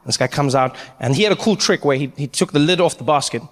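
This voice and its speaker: Animated male stand-up comedian. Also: a little high, fast talker, in a large hall. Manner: animated, acts out voices, laughs through lines. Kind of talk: stand-up storytelling.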